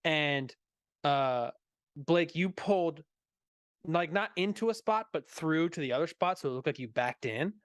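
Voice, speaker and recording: A man's voice: on the high side, expressive, unhurried, no echo, clean studio sound. Laughing man telling a story. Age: 30s. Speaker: co-host. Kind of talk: casual chat.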